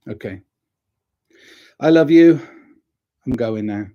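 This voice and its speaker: Mellow-voiced man musing to camera. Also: medium pitch, measured pace, pauses often, highs cut off. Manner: rambling and reflective, retells stories and gives gentle advice. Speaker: vlogger. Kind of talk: casual talking-to-camera monologue.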